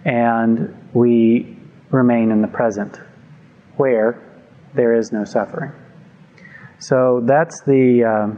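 A man giving a calm, measured talk on meditation to a group, speaking into a microphone. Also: medium pitch, highs cut off. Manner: calm, measured, gently reflective. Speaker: meditation teacher. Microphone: microphone before a group.

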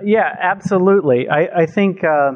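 A man giving a calm, measured talk on meditation to a group, speaking into a microphone. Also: high-pitched, muffled recording. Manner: calm, measured, gently reflective. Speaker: meditation teacher. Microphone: microphone before a group.

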